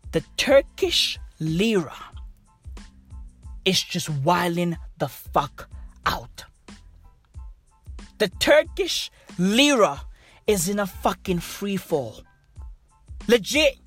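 A woman's voice: on the high side, a bit bright. A woman doing a comic rant monologue in slangy, profane hype-bro talk. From South Africa.

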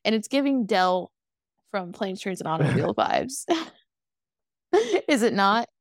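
A woman's voice: mid-range voice, sing-song, vocal fry, no echo, studio quality. Sassy twenties woman recapping a movie. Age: 20s. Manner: sassy, swears freely, acts out lines in quick voices. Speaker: podcast co-host. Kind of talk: casual movie recap chat.

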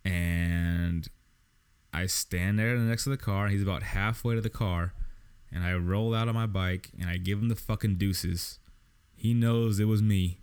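A podcast host with a low, clear, resonant voice tells a long story unhurriedly in a casual monologue. It's profane and animated, packed with swearing and dialogue he performs himself.

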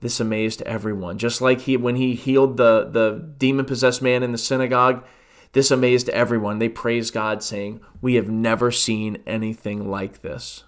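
A man's voice: medium pitch, little pitch movement, normal speed, clean tone. A man, a pastor, teaching a Bible study podcast in a conversational way, full of rhetorical questions and restarts.

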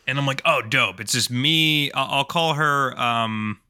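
Bright-voiced man in his thirties telling a story. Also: medium pitch, unhurried, smooth. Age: 30s. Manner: rambling, loose, with frequent fillers. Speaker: podcast co-host. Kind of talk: casual storytelling.

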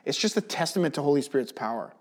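A man teaching in a casual, animated way, telling a personal testimony and leaning heavily on "like". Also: fairly high pitch, racing. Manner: animated storyteller, chatty with many "like" fillers. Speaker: Bible teacher.

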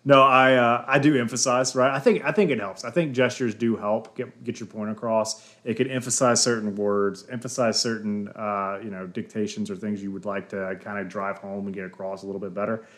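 A man co-hosting a podcast in casual chat, loud, jokey and emphatic. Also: lowish voice, level tone, a little fast, hardly any pauses. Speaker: podcast co-host. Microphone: sitting far from the mic.

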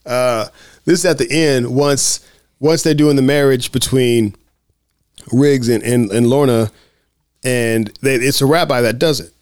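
A man's voice: medium pitch, measured pace, darkish tone, smooth, no echo, clean studio sound. A man hosting a casual film commentary podcast, acting out movie quotes with laughs. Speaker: podcast host.

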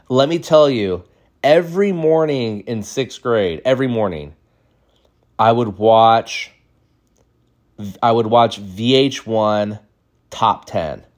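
Rambling, animated man telling stories. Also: lowish voice. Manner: rambling, lots of "like" and "dude"; animated, jumps into quick voices. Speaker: podcast host. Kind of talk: comedic storytelling monologue.

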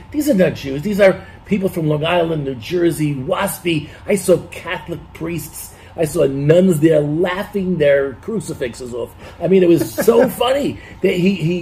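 A man's voice: fairly high pitch, mellow, slight background noise, poor audio. A man reminiscing on a podcast, animatedly retelling jokes and acting out quoted dialogue.

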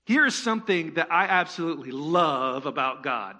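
A man's voice: on the high side, animated, moderate pace, bright, forceful tone. A man preaching a sermon as pastor of a church, conversational, asking the congregation rhetorical questions and slipping in joking asides.

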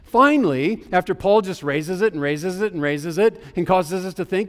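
A man with a high-pitched voice preaches a sermon, driving his points home with emphatic declarations and drawn-out key phrases. His voice carries a long reverb, as in a large hall. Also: lively intonation, fairly bright tone. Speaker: pastor.

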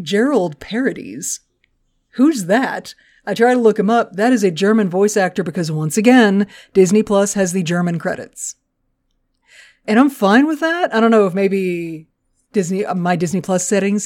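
A woman co-hosting a podcast, talking in a casual, chatty way. Her pitch sits in the middle range. She swears freely and laughs easily. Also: moderate pace, darkish tone. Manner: chatty, profane, laughs a lot. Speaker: podcast co-host.

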